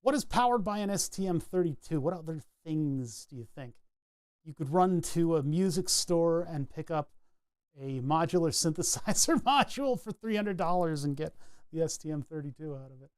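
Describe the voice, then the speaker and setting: A man's voice: on the high side, expressive, normal speed, clean tone, dry recording, studio quality. A man chatting casually as he solders a circuit board, rambling and narrating each step of his work. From New England. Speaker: electronics hobbyist streamer. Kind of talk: casual talk while soldering.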